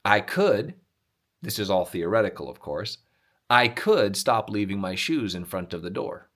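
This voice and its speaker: A man's voice: lowish voice, big pitch swings, unhurried, fairly bright tone. A middle-aged man hosting a casual motivational monologue, with dry, self-mocking humor. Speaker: motivational video host.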